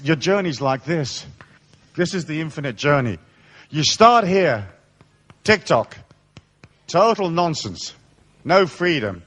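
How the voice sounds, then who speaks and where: A man giving a live seminar, telling blunt, profane stories in a lively way. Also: on the high side. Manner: animated storytelling, blunt and profane. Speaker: seminar speaker. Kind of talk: live seminar talk with anecdotes.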